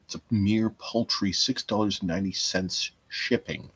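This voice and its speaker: A man's voice: lowish voice, fairly even intonation, moderate pace, fairly bright tone, breathy edge, no echo. A man hosting a rambling solo podcast from home, profane and jokey, muttering asides to himself. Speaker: podcast host.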